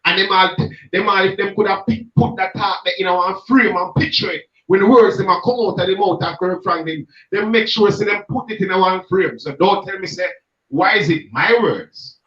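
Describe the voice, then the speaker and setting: An emphatic Jamaican man with a fairly high voice reasons like a street preacher, speaking in patois and pressing his points home. He sounds distant from the mic, in an echoey room, and the recording is muffled. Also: fairly quick, hardly any pauses. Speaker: street gospel minister. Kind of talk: passionate reasoning conversation.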